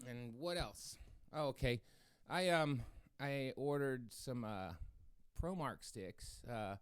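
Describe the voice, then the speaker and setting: A drummer chats loosely with viewers on his practice stream, stumbling through fillers and restarts. He has a smooth, mid-range voice with no echo.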